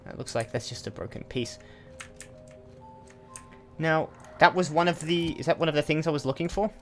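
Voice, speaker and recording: A man's voice: on the high side, normal speed, soft background music. A man hosting a let's play, giving chatty, casual commentary and thinking aloud with asides as he plays.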